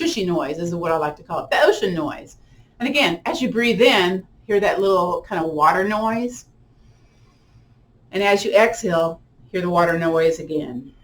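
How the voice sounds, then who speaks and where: A yoga instructor guides a relaxation and visualization in a gentle, unhurried, casual manner, sprinkling in friendly fillers. She has a lowish voice.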